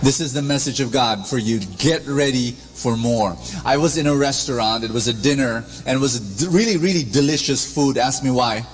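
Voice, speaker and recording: Filipino preacher in a reverberant church. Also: male voice, medium pitch, fairly quick, hardly any pauses. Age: 50s. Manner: storytelling, coaxing the congregation to repeat lines. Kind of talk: sermon with call-and-response. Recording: long church reverb, faint music.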